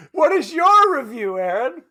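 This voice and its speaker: Animated, high-voiced man co-hosting a podcast. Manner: animated, joking, self-deprecating. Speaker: podcast co-host. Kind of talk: casual film review chat.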